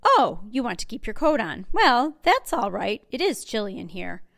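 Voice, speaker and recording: A woman reading a picture book aloud and voicing a kind, cheerful old grandmother who fusses over a guest and scolds gently. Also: fairly high pitch, very animated, moderate pace, vocal fry, heavily acted. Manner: warm, fussing, chatty and gently scolding.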